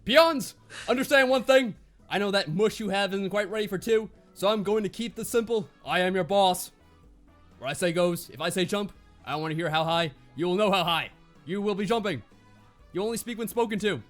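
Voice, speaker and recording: A man voicing a gruff, pompous male drill sergeant major who barks commands and sneers insults at cadets while reading a visual novel on stream. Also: sits high, fairly quick, soft background music, voice pushed up, lightly acted. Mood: barking.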